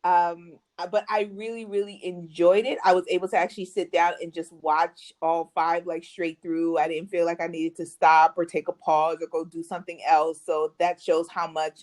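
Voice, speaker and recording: A woman's voice: lowish voice, normal speed, hardly any pauses. Easygoing woman podcast co-host. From United States. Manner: relaxed and easygoing, often laughing. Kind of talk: casual chat.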